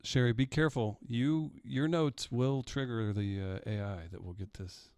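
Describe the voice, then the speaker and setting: A man's voice: medium pitch, normal speed, darkish tone, smooth, no echo. Dry, wry male producer. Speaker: show producer reading comments. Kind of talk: casual chat.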